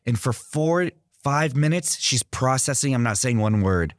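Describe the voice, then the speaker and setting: A man from Iran, a guest artist on an interview show, telling stories in an earnest, animated way. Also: medium pitch, measured pace, hardly any pauses, dry recording, clean studio sound. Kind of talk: interview, storytelling.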